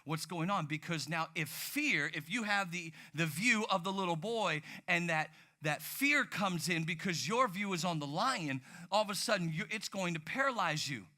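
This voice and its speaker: A man preaching a sermon, telling stories in an animated way with sudden loud outbursts. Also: sits high, normal speed, hardly any pauses. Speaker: pastor.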